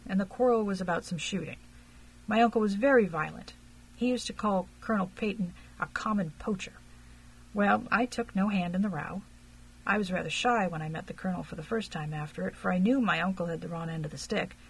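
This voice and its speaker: A woman reading aloud and voicing a frank, earnest young gentleman suspected of a crime, in an audiobook. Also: mid-range voice, brisk, slightly rough, low-quality recording. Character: young gentleman under suspicion, frank and tense.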